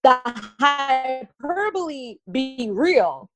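Wry, high-voiced radio host, woman. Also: sing-song, extremely slow, a bit bright, faint music behind. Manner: wry, confident, teasing. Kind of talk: casual podcast interview.

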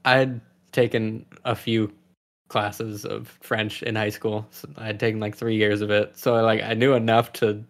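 A man's voice: fairly low pitch, little pitch movement, unhurried. A young man chatting casually as a podcast co-host, teasing and laughing often. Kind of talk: casual chat.

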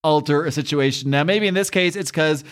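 A man's voice: on the high side, a little fast. Rambling, laughing man recapping comics. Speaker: host. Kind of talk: casual comic book recap.

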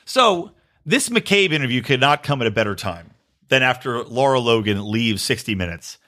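A man's voice: medium pitch, sing-song, normal speed, pushed and bright. A man hosting a podcast, delivering a sarcastic, ranting political commentary monologue and swearing freely. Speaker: podcast host.

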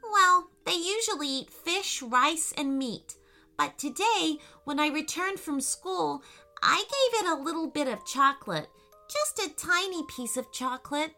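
A woman voicing a worried young girl, high and pleading. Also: huge pitch swings, slow, sharp tone, faint music behind, heavily acted. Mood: earnest.

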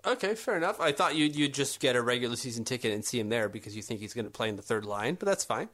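A man's voice: medium pitch, animated, fast, fairly bright tone. A man co-hosting a casual sports podcast, arguing his points and getting worked up in exasperated rants. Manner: argumentative, rising to exasperated rants. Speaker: podcast co-host.

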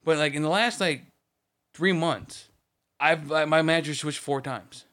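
A man's voice: fairly high pitch, unhurried, sharp tone. A man in his thirties ranting heatedly in casual podcast chat, swearing often. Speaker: podcast co-host.

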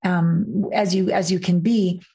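Podcast guest: woman intimacy coach, animated storyteller, swears freely, voices her anecdotes. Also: lowish voice, unhurried, vocal fry.

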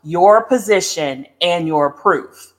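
A middle-aged woman, a high school English teacher, talking as a podcast guest in an earnest, measured way. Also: expressive. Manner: earnest, measured, explains patiently. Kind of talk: casual chat.

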